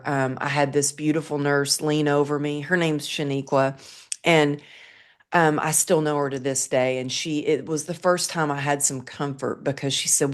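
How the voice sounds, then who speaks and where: Low-voiced woman telling her story. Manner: earnest, vivid storyteller. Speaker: guest. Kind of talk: personal storytelling in an interview.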